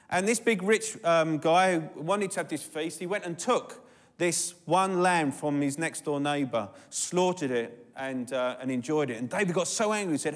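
A man's voice: a little high, moderate pace. A man preaching an informal sermon, telling a Bible story with joking asides and fillers, then reading a psalm aloud. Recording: long hall reverb.

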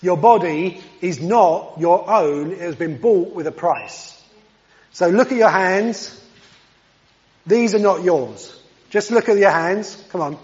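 A man preaching a sermon in an earnest way, with self-deprecating asides. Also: sits high. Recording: dull sound with long hall reverb.

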